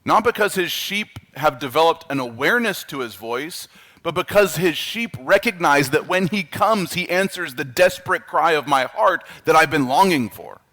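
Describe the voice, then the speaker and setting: Speaking with a Canadian accent, a man preaches as a pastor in an emphatic, animated way, sometimes dropping into quiet, earnest asides. His voice is a little high and his pace moderate.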